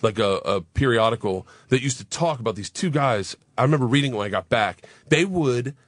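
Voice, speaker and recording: A man telling a wild story as a guest on a radio talk show, fast, profane and animated. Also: medium pitch, no room sound. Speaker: guest comedian.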